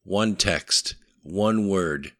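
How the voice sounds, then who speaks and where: A man narrating a thriller audiobook in a steady, measured way. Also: low-pitched, no echo.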